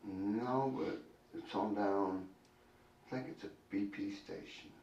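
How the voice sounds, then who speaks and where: Low, gravelly-voiced man answering hesitantly. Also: slow pace, darkish tone, dull audio. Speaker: suspect under interrogation. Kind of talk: police interrogation. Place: interrogation room. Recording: echoey room recording from a distant mic, faint background noise.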